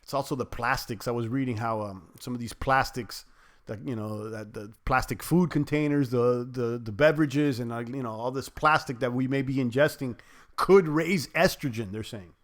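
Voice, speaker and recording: A man's voice: mid-range voice, moderate pace. A man hosting a livestream, chatting loosely and reading viewer comments aloud. He rambles with many fillers and restarts and trash-talks trolls playfully. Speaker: crypto livestream host.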